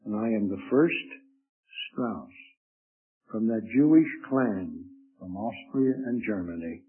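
An older man giving his spoken testimony as a preacher, telling it in an earnest, measured way. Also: on the low side, expressive, husky. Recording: tinny lo-fi phone-like recording.

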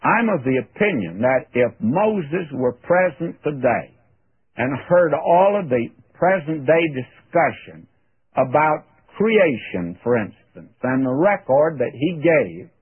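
Male radio Bible teacher, husky and earnest, folksy, tinny old broadcast sound. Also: fairly high pitch. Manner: folksy, earnest, addresses listener as "my friend".

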